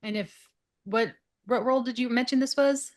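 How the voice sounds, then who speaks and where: A woman co-hosting an HR podcast, giving practical advice in a measured way during casual chat. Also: fairly high pitch. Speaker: HR podcast co-host.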